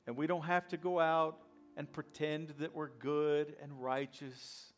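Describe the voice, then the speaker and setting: A man's voice: fairly high pitch, level tone, a little slow. A male pastor preaching a sermon, repeating key lines and acting out the voices of skeptics. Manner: repetitive call-and-response preaching, acts out skeptics.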